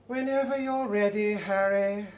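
A woman's voice: medium pitch, a little slow, darkish tone, pitched above the performer's own voice, close to an everyday voice. A man reading a story aloud and voicing a dry, ironic woman at a card table, with an arch, impatient manner. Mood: wry. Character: dry, ironic older woman bridge player.

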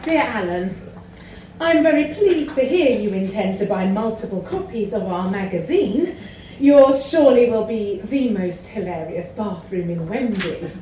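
A woman's voice: medium pitch, lively intonation, a little slow, mellow, slight background noise. A woman reading comic letters aloud in a prim, polite way, laughing now and then. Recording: echoey room from far off.

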